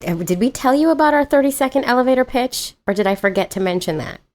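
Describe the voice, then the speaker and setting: A woman's voice: a little high, lively intonation, fast, a little mellow. A woman in her thirties co-hosting a podcast, bubbly and gushing in casual chat, often breaking into laughter. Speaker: podcast co-host.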